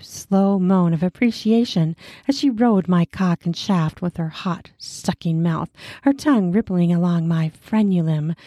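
Slowly and sensually, a woman reads an erotic story aloud. Her voice is mellow, breathy and a little low, sounding close and dry, and the recording is dry.

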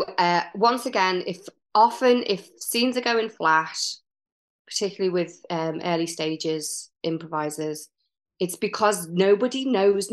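Woman, middle-aged, improv teacher, chatty, animated, restarts often, mid-pitched voice. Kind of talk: casual podcast chat.

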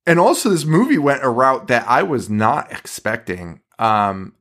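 A man co-hosting a horror movie podcast in casual chat, laughing often and swearing freely between halting restarts. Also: medium pitch, big pitch swings, fairly bright tone. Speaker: podcast co-host.

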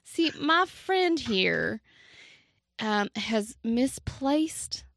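A woman's voice: fairly high pitch, sing-song, extremely slow, gravelly, a bit bright, dry recording, clean studio sound. A woman playing a tabletop game in character, friendly and polite, a bit hesitant. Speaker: player.

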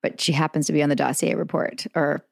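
A woman co-hosting a podcast, talking quickly and emphatically in casual chat and slowing down for the lines she quotes. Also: deep voice, flat delivery, vocal fry, no room sound, studio quality. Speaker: podcast co-host.

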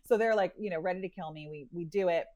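A woman who runs a dog rescue, telling a story in a lively, chatty way and acting out the quotes. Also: fairly low pitch, fast talker. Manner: animated, chatty, lots of "like" and acted-out quotes. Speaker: dog rescue owner and pet matchmaker. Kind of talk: storytelling in an interview.

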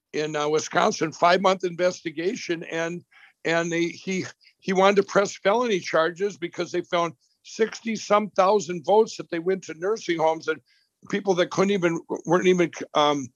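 A man's voice: on the high side, dry recording, lo-fi sound. A man, a company boss interviewed as a guest, talking in a rambling way with many restarts and repeated words. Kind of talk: animated call-in interview.

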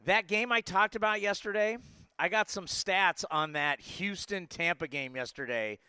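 A man in his forties hosts a live sports show in a bright, forceful voice that stays smooth and crisp. His pitch sits a bit high for a man. He talks with energy and rambles through plenty of asides. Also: moderate pace, dry recording. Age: 40s. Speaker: sports podcast host. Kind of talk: casual live sports talk.

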